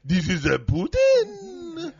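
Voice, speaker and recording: A man's voice: very high voice, huge pitch swings, slow pace, lo-fi sound, pitched above the performer's own voice, heavily acted. A man doing a comic impression of a vampire-like head of state, wailing and drawing out his words. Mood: mocking. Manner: stretched, wailing and shouting. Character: high, wheezing, vampire-like male head of state.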